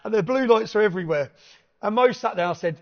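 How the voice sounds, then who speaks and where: A man telling an animated anecdote in casual chat, swearing freely and laughing between lines. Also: sits high, quick pace. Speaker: podcast guest. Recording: dull lo-fi recording.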